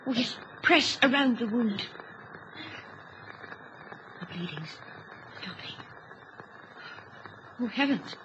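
An actress playing a panicky young wife who stammers and pleads while talked through an emergency, in old radio drama style. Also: female voice, on the high side, animated, slow pace, pauses often. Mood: frantic. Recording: dull, hissy old recording.

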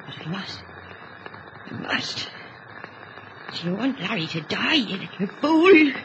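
An actress playing a panicky young wife who stammers and pleads while talked through an emergency, in old radio drama style. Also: female voice, medium pitch, very animated, slow pace. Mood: frantic. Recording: dull, hissy old recording.

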